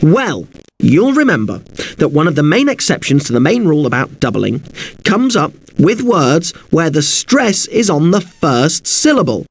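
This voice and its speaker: A man's voice: on the high side, sing-song, normal speed, slightly rough. A man teaching an English spelling lesson, polite and a little apologetic, who spells words out letter by letter.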